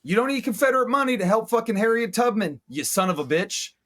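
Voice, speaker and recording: A man's voice: high-pitched, animated, fast talker, fairly bright tone. A man from the United States co-hosting a movie-review podcast, riffing in crude, sarcastic casual chat.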